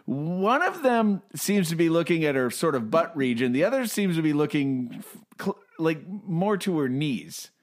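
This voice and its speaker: A man's voice: on the high side, sing-song, normal speed. A man co-hosting a podcast, rambling through comic strip panels in casual comedic chat, often restarting and breaking into laughter.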